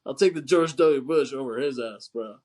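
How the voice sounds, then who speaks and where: A man's voice: medium pitch, normal speed, darkish tone. A man co-hosting a podcast, chatting casually about a film in a laid-back, slangy way, swearing and laughing often. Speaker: podcast co-host.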